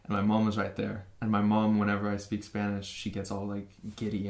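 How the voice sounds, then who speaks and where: A young man from San Francisco speaks in a fairly low voice as an interview guest. He talks casually and haltingly, filling gaps and restarting his sentences. The room around him sounds echoey. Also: completely flat delivery, darkish tone. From San Francisco, USA. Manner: halting, many fillers and restarts.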